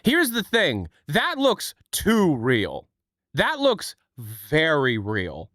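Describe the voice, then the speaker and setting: Animated male streamer with a dry sound. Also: takes it slowly, no room sound. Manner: animated, swings pitch, thanks viewers, swears. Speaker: livestream host. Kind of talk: casual live-stream chat.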